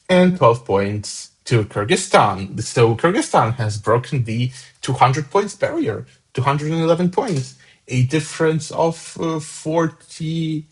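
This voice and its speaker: On a low-quality recording, a man with a husky voice on the high side hosts a fan song contest. He casually reads each voter's points aloud, adding chatty asides and sounding upbeat about the scores.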